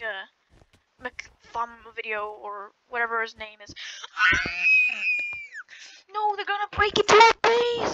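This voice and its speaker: A woman giving excitable, joking live commentary over her own gameplay, often yelling at the game. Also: sits high, very noisy. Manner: excitable, jokey, yells at the game. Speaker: gaming YouTuber.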